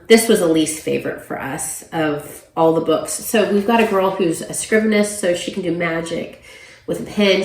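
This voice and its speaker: A woman giving a casual book review, chatty and full of ums and you-knows. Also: on the low side. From Oklahoma, USA. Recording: roomy echo.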